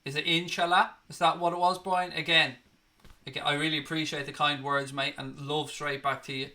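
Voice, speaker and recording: A man's voice: a little high, little pitch movement, fairly quick, bright, forceful tone. A young man hosting a casual live stream, reading viewer comments aloud and calling them mate and buddy.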